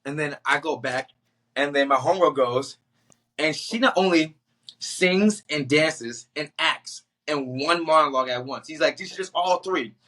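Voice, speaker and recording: A young man from the Boston area, a podcast guest telling a story in casual chat, animated and slangy, acting out the voices of people in his story. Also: fairly high pitch, measured pace.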